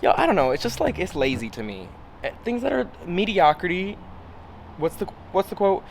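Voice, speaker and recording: A man's voice: high voice, big pitch swings, moderate pace. A man in his thirties talking casually to camera in a travel vlog, chatty and sarcastic, swearing and laughing often. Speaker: travel vlogger. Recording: music playing over the voice.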